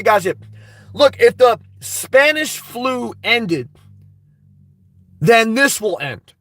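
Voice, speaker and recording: A man with a high-pitched voice runs a casual livestream, reading out his viewers' comments one by one. He answers them in a rambling, blunt and crude way. His voice sits close and dry on the mic, with no room sound. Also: sharp tone, dry recording. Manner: rambling, blunt and crude, reads chat messages aloud. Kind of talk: unscripted livestream chat.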